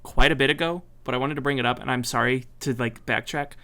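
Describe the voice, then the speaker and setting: A man's voice: medium pitch, steady tone, fast talker, bright, forceful tone. A young man co-hosting a casual podcast, recapping a movie from his notes in an easygoing, jokey way. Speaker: podcast co-host.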